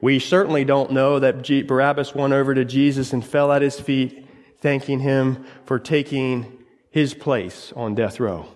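A man's voice: mid-range voice, steady tone, unhurried. A male pastor delivers a sermon in church, retelling a scripture story dramatically. His voice sits in a middle register and comes in short, broken phrases. A long reverb from the large hall trails after each line.

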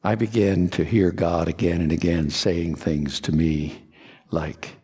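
Man from kentucky, sermon, low voice, husky tone, earnest storytelling, long hall reverb. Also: fairly even intonation, unhurried. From Kentucky, USA. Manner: earnest, confessional storytelling with soft dropped asides. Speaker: preacher.

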